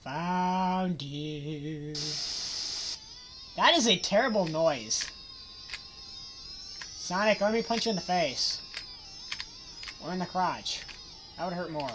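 A woman's fairly low, expressive voice comes through slowly, with frequent pauses and background noise. As a let's play gamer, she comments on a horror game with mock-cheerful sarcasm and jokes, game music playing loudly underneath.

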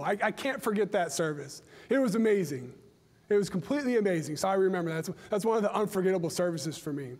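Man, middle-aged, high-pitched, conversational sermon, stumbling restarts, long church reverb. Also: a little mellow. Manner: chatty, storytelling, repeats words as he restarts. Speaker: preacher. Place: church sanctuary.

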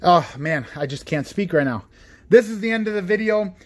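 A man hosting a card-opening video, listing cards quietly and getting excited over good pulls. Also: moderate pace. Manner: excitable, repeats "guys" and "oh my god"; lists cards in a low, subdued voice. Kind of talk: casual unboxing commentary.

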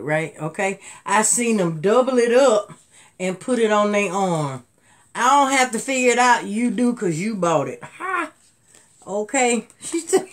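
A middle-aged woman, chatting to viewers on a live jewelry sale, laughing often and jumping from low murmurs to excited high bursts. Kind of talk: live selling stream, casual chat to viewers.

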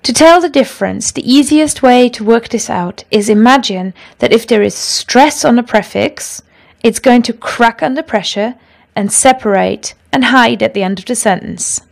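Woman language teacher, slightly high voice, patient and clear, reads example sentences aloud. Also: moderate pace. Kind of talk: explaining German grammar lesson.

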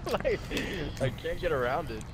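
A man's voice: on the high side, very animated, a little slow. A young man chatting casually with a friend on a live stream, cursing freely and reading lyrics aloud. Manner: swears a lot, reads rap lyrics aloud. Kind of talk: casual chat.

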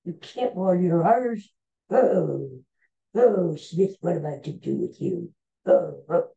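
A man's voice: fairly high pitch, lively intonation, takes it slowly, vocal fry, dark tone, muffled recording, full character voice. A man voicing a stern male college teacher who scolds in broken English with a put-on foreign accent. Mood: exasperated.

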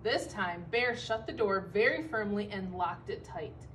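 A woman teacher reading a picture book aloud to children, expressive and stopping to comment on the pictures. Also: mid-range voice, far from the mic, a little hiss or hum, low-quality recording. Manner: expressive, pausing to comment for young listeners.

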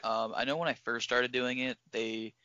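Bright-voiced man guest, lo-fi. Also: medium pitch, steady tone, normal speed, slight background noise. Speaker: filmmaker interview guest. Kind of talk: casual interview chat. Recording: dull lo-fi dry sound.

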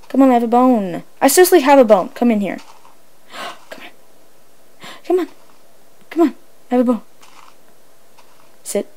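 A woman giving casual, excitable commentary while she plays, chatting away and coaxing her pet in the game. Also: medium pitch, low-quality recording. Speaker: let's play host.

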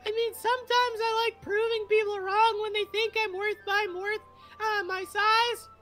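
A man voicing a tiny, feisty teen girl from a visual novel in a squeaky falsetto, reading her lines aloud for a stream. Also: little pitch movement, moderate pace, sharp tone, faint music behind. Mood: defensive. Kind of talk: reading game dialogue aloud in a put-on voice.

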